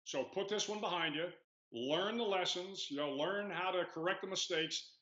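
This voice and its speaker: A man in his sixties, a retired admiral, answering interview questions in a measured storytelling way with many "uh"s and "you know"s. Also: high voice, bright, forceful tone. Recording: echoey lo-fi remote audio.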